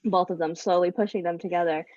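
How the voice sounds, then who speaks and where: A woman's voice: fairly low pitch, fairly even intonation, quick pace, darkish tone, no room sound, lo-fi sound. Giggly woman telling a story. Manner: casual, giggly narration. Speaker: player. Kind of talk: improvised storytelling in a game.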